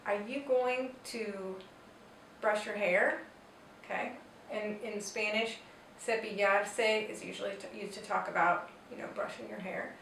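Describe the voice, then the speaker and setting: A woman's voice: mid-range voice, steady tone, a little slow, vocal fry, a bit bright. A woman teaching a Spanish grammar lesson, explaining patiently and step by step with example sentences. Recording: roomy echo, distant mic, faint noise.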